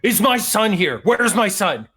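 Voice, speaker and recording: A man voicing a frantic, furious father who shouts and swears while searching for his missing son. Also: sits high, big pitch swings, a little slow, slightly rough, faint music behind, pitched above the performer's own voice, exaggerated voice.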